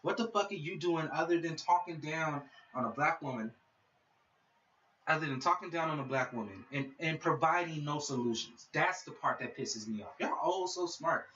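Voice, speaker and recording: A man's voice: a little high, moderate pace, pushed and bright, slight background noise. A man hosting his own podcast, delivering a heated, profane solo rant aimed straight at his listeners. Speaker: podcast host. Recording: dull lo-fi sound, mic set back.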